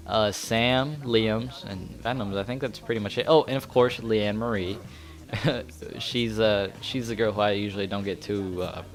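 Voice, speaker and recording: A man whose first language is Spanish giving casual, rambling video game commentary, correcting himself often and laughing. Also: lowish voice. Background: faint background music.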